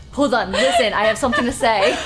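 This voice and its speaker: A woman telling a story casually and animatedly, full of filler words, with music behind her. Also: on the high side. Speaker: whiskey blender.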